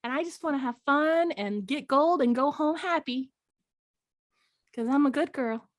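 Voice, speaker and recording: A man voicing a tiny, chipper female chihuahua paladin in a high, sing-song way. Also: a little slow, fairly bright tone, no room sound, clean studio sound. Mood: sweet.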